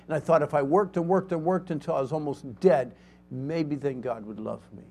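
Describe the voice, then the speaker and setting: A man preaching a sermon and telling his own story earnestly, moving between loud emphasis and hushed lines. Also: a little high, normal speed. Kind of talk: sermon with personal testimony.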